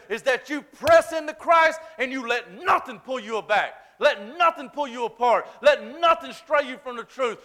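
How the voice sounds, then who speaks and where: A man preaching a sermon, swinging between shouted emphasis and hushed, quiet passages. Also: very high voice. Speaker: pastor.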